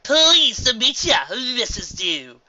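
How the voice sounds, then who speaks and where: A woman's voice: medium pitch, animated, moderate pace, bright, forceful tone, voice pushed up. A woman voicing a spunky young filly friend from a storybook, talking in a chirpy, blunt way. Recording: dull lo-fi home recording.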